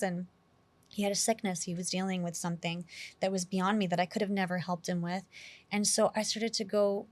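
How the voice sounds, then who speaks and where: A middle-aged woman from New York City, a guest in an interview, telling a personal story in a candid, casual way full of "like" and "you know". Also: mid-range voice.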